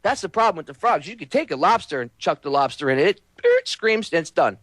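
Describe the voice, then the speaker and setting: Angry high-voiced man ranting. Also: very animated, fast talker, no echo. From United States. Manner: angry, shouting, profane and preachy. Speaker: host. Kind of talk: angry political rant.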